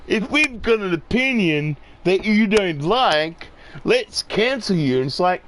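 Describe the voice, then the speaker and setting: Slow, animated man ranting. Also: sits high, slight background noise. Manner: profane, rambling, worked-up ranting. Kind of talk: rambling casual monologue.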